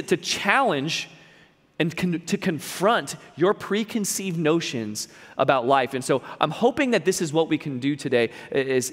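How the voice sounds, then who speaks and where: A man's voice: on the high side, fairly bright tone, long reverb tail. A man preaching a sermon in an earnest, emphatic way, repeating key lines and adding playful asides. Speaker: pastor.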